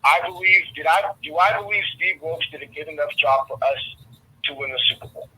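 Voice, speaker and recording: A man's voice: a little high, fairly quick, bright, forceful tone, husky, poor audio. A middle-aged man giving his opinions in a casual sports talk, often repeating words as he thinks. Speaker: guest sports commentator.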